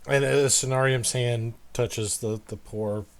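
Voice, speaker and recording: A man running a tabletop game as game master, narrating in a halting way with frequent restarts. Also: mid-range voice, steady tone. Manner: halting, restarts mid-sentence, laughs often.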